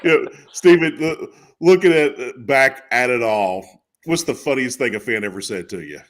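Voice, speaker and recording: A man's voice: medium pitch, animated, moderate pace, a bit bright. A man hosting a casual sports interview, friendly and calling his guest brother. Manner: friendly, calls the guest "brother", laughs along. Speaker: podcast host.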